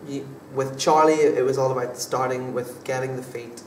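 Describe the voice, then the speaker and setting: Hesitant young man, flat voice, far off. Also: mid-range voice, moderate pace. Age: young adult. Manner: hesitant, many fillers and restarts. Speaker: drama student actor being interviewed. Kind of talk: casual interview answers. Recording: echoey room from far off, faint background noise.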